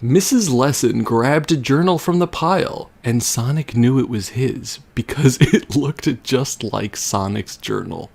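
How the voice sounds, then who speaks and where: A man's voice: medium pitch, measured pace, gravelly, few pauses, a little mellow. A young man on a livestream reading a fan story aloud for comedy, often breaking into laughter and wry asides. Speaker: livestreamer reading for a charity stream.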